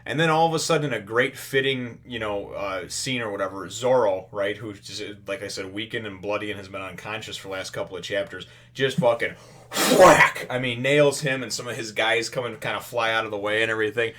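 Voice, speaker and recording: A man with a somewhat low voice hosts a casual manga chapter review. He rambles through the plot with plenty of "uh" and "you know". Now and then he playfully acts out the characters' lines. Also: brisk, few pauses, fairly bright tone. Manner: rambling, filler-heavy retelling with playful voiced-out character quotes.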